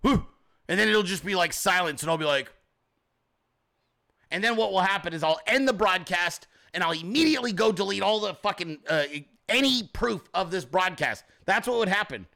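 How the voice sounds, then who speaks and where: A man hosting his own livestream show, ranting fast and profanely in an ad-libbed style, sometimes shouting as he acts out scenarios. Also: high-pitched, gravelly. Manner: rapid, profane, animated ranting; shouts when acting out scenarios. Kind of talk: ad-libbed political livestream rant.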